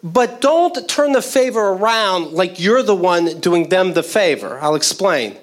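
A man's voice: high-pitched, very animated, measured pace. A man doing stand-up comedy, telling stories with laughter and acted-out quotes.

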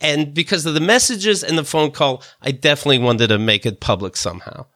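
A man's voice: a little high, brisk, pushed and bright, dry recording, studio quality. A man hosting a podcast in casual chat, rambling and swearing freely with many restarts and fillers. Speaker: podcast host.

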